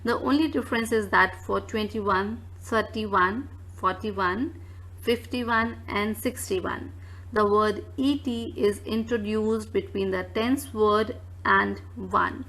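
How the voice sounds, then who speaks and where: A woman's voice: medium pitch, slow, a bit bright, low-quality recording. A woman teaching numbers, saying each one twice, plainly. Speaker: French teacher. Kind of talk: slow spoken lesson with repetitions.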